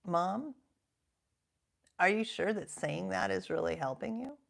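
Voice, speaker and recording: A woman in her fifties, a coach talking reflectively and earnestly, sometimes sinking to a soft half-whisper for emphasis. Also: mid-range voice, slow pace, creaky, pauses often. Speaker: coach and podcast host. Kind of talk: reflective self-help talk.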